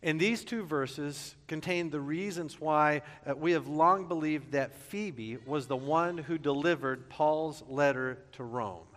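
A man's voice: a little high, unhurried, hardly any pauses, fairly bright tone, big-room sound. A man preaching a sermon as pastor, conversational and joking, sometimes stumbling and repeating words.

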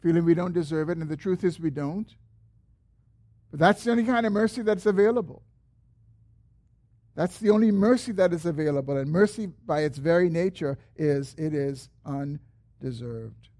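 A pastor preaches a sermon earnestly, raising his voice whenever he quotes a prayer and letting the ends of his phrases fall low and slow. His tone is mellow.

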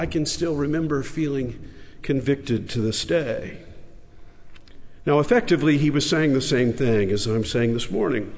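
A man's voice: fairly high pitch, expressive, measured pace. A man, a pastor, preaching a sermon and telling a story with emphasis, in a large church sanctuary. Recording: echoey large church hall.

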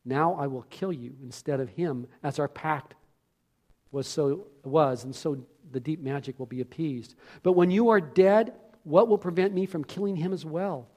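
A preacher puts on a cruel, gloating witch who speaks in a quivering voice. She rises high and loud as she taunts. He reads her aloud from a storybook in a sermon. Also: moderate pace, lightly acted. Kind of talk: sermon reading.

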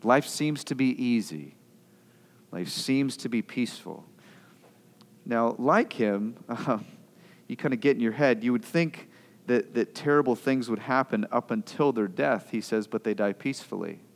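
A man preaching a sermon as pastor, impassioned, swinging between loud outbursts and quiet asides. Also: medium pitch, expressive, unhurried, in a large hall.

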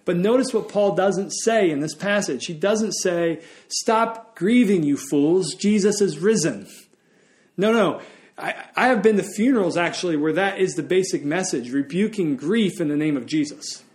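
Man, pastor, sermon, earnest, slightly high voice. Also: moderate pace.

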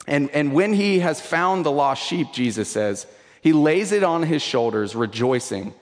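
Conversational pastor preaching in a reverberant hall. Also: male voice, fairly high pitch, expressive, normal speed. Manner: conversational, repeats words, swings between intense and hushed. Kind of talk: sermon.

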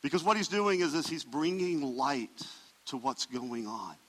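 A man preaching a sermon as pastor, emphatic, swelling loud and dropping soft. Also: a little high, expressive, unhurried, long reverb tail, rough recording.

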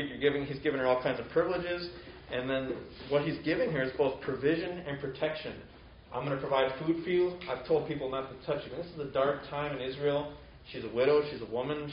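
A man's voice: medium pitch, a little hiss or hum. Man preaching in a roomy, dull recording. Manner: conversational, paraphrasing with casual asides. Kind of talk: sermon retelling a Bible story.

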